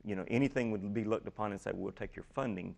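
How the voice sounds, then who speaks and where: A man explaining his ministry program as a guest in a talk show interview, earnest and steady, often repeating key phrases. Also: lowish voice, quick pace, vocal fry.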